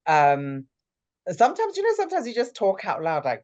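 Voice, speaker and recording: Animated man telling stories. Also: fairly high pitch, normal speed, highs cut off. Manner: animated storyteller, laughs through anecdotes. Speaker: stage actor guest. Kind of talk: casual interview chat.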